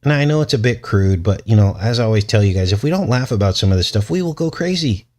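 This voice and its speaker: A man's voice: on the low side, animated, quick pace, darkish tone. A man hosting his own commentary show, talking in a rambling, joking way and chuckling between points. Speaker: channel host.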